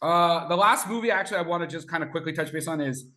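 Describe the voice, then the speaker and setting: A man's voice: on the high side, fast talker, pushed and bright. A man hosting a podcast, steering the talk with teasing, crude banter. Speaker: podcast host. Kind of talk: casual podcast chat.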